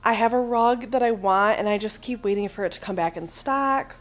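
A woman's voice: medium pitch, brisk, soft background music. A woman in her thirties chatting casually and rambling upbeat about painting her living room, speaking to a camera mic in her home. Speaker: home renovation vlogger. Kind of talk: casual vlog chat.

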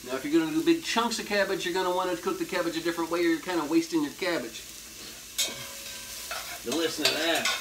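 Folksy man cooking over loud sizzle. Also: a little high, quick pace, long pauses, background noise. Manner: folksy, jokey, hip slang. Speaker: horror movie host doing a cooking segment. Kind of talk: casual cooking demonstration. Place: home kitchen at the stove. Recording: loud sizzling and frying in the background.

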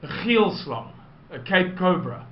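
A man with a South African accent telling a personal anecdote to listeners, slowly and with digressions. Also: high voice, lively intonation, slight background noise. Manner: slow, digressive, unhurried storytelling. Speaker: storyteller. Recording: roomy, dull lo-fi recording.

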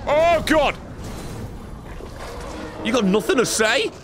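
A man giving sarcastic, excitable let's-play commentary, swearing often and talking back to characters in the game. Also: very high voice, takes it slowly, a little hiss or hum. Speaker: gaming streamer.

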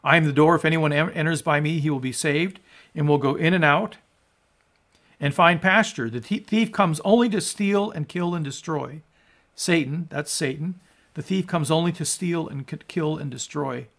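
A man preaches with earnest conviction, his somewhat high voice swelling on scripture quotes. He trails off low at the ends of phrases and stumbles and restarts words now and then. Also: normal speed, fairly bright tone. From United States. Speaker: pastor. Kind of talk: sermon, scripture reading and commentary.

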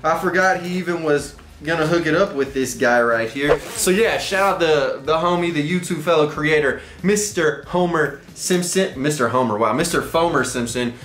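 A man's voice: on the high side, a little fast, hardly any pauses, a bit bright, a little hiss or hum. Slangy young man in an echoey room. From Texas. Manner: rambling, slangy, jokey. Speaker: vlogger. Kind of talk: casual unboxing vlog.

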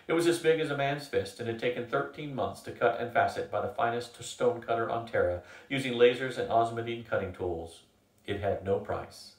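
Older man, novel reading, steady, measured, echoey room, distant mic. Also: medium pitch. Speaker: narrator reading a novel aloud. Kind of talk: book reading.

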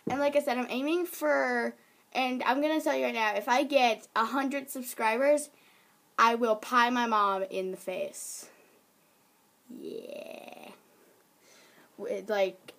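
A teenage girl chats to her viewers in a loose, giggly vlog ramble. Her voice sits a little high, and she jumps from one topic to the next. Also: gravelly, a bit bright. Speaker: vlogger. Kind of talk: casual vlog chat.

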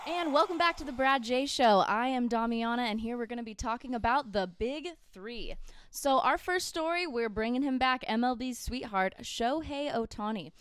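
A woman co-hosting a casual show, reacting with laughs and lively questions. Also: a little high, moderate pace, clean tone, no room sound. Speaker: co-host. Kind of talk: casual chat, reading stories.

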